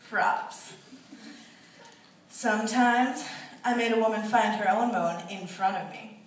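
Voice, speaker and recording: High-voiced young woman, echoey far-off stage. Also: a bit bright. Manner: theatrical, playful storytelling. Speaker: student actor. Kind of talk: live stage monologue. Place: large theatre stage. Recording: very echoey hall from far off, faint hiss.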